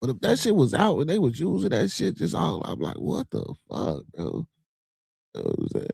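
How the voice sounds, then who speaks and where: A man's voice: on the high side, wildly swooping pitch, a little fast, gravelly, a little mellow, husky, dry recording. A man with a Chicago accent hosting a podcast in loose, streetwise casual chat, full of "you know what I'm saying" fillers and swearing. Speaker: podcast host. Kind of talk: casual podcast chat reacting to news and live comments.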